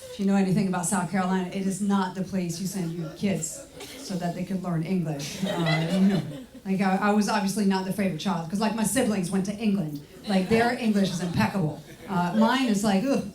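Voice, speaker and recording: Young woman from france doing standup in a roomy club, dry deadpan delivery, crowd noise in the background. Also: mid-range voice, brisk. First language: French. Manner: deadpan storytelling, acts out quoted voices. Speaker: stand-up comedian. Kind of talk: stand-up comedy set. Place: comedy club stage. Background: audience laughter.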